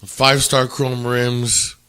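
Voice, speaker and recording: A man hosting a casual podcast chat, telling animated stories full of swearing and stammered restarts. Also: mid-range voice, slow, clear, resonant tone. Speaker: podcast host.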